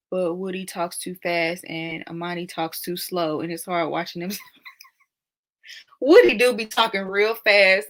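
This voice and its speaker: A young woman hosts a relaxed live chat and answers viewer comments one by one. Her voice is bright and clear, and she laughs often. She keeps the talk loose and chatty. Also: on the low side. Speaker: live stream host.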